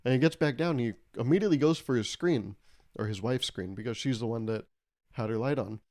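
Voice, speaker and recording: A man's voice: medium pitch, a little fast, a little mellow. A young man hosting a solo podcast, rambling and joking, swearing and laughing as he tells stories. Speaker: podcast host. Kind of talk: casual solo podcast monologue.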